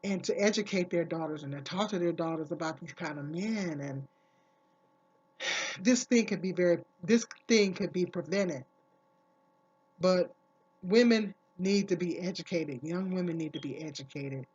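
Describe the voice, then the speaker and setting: A woman's voice: lowish voice, moderate pace, a little mellow, breathy edge. Woman, vlogger, casual and emphatic, repeats her points, muffled lo-fi sound. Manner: earnest, emphatic, repeats key phrases. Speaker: vlogger giving advice. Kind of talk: casual talk to camera.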